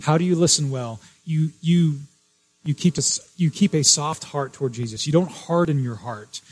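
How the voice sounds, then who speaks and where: A man's voice: fairly high pitch, normal speed, darkish tone, poor audio. A man preaching a sermon as pastor, earnest, repeating key phrases and restarting often.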